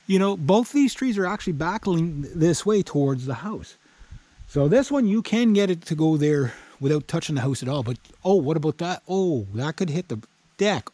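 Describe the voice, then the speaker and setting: A man's voice: a little high, a little mellow. A middle-aged man from Canada talking casually as he walks around his yard, rambling with asides and the odd swear word. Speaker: vlogger. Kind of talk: casual walkaround explainer. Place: outdoors in a wooded yard.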